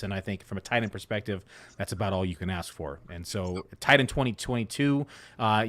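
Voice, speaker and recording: A man co-hosting a fantasy football show in a casual, rambling way with plenty of fillers. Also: on the low side. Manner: laid-back, rambling with many fillers. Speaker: fantasy football analyst co-host. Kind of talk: casual podcast chat.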